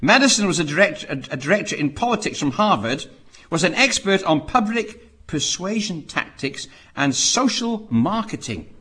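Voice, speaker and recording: A man preaching, telling stories dramatically and asking rhetorical questions, swinging between loud emphasis and quiet asides. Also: high-pitched, very animated, moderate pace. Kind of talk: preaching talk.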